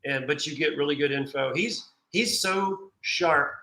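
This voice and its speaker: A man's voice: on the high side, unhurried, sharp tone, reverberant, low-quality recording. A man from Texas, chatting casually as a stream guest, with frequent restarts. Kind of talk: casual chat.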